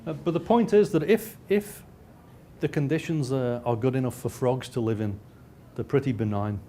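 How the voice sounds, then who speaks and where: A man of middle pitch lectures over slides, stumbling and restarting often. He drops in dry, self-mocking jokes, and a faint hiss runs underneath. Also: moderate pace, warm tone. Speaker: lecturer and researcher.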